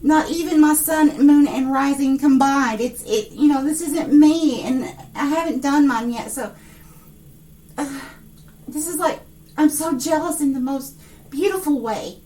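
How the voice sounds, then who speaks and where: A woman giving a monthly tarot reading to her viewers, excitable, filling her talk with fillers and pausing to address a spirit. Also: high-pitched, far from the mic, a little hiss or hum. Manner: excitable, breathless outbursts, many fillers; speaks to an unseen spirit. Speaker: psychic tarot reader.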